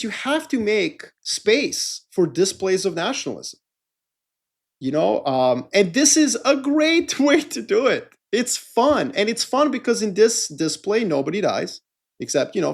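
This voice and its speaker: Give me a middle-aged podcast co-host, chatty and rambling, with a slightly high voice. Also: male voice, creaky. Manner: animated, rambling, jokey. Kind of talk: casual chat.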